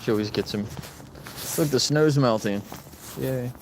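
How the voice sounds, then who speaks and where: A man giving casual running commentary at a dog rescue, chatting to camera and talking to his dogs in a high sing-song voice. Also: measured pace, poor audio. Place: outdoors and indoors at a dog rescue, with dogs around. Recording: loud background noise, dogs barking.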